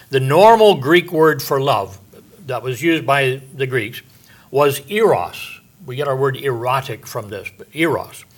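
An older man preaching a Bible-teaching sermon as a pastor, conversational and folksy, with homey asides, frequent fillers, and drawn-out stresses on key words. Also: mid-range voice, fairly bright tone.

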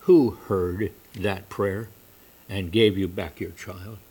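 A man voicing a meek yet majestic male stranger, the Lord, who speaks softly but sternly in pleading questions. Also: mid-range voice, a little slow, close to an everyday voice.

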